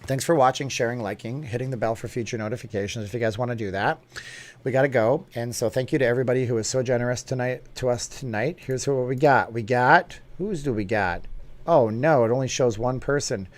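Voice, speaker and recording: A man's voice: mid-range voice, brisk. A middle-aged American man hosting a casual live stream from a studio, chatty and upbeat as he answers viewers.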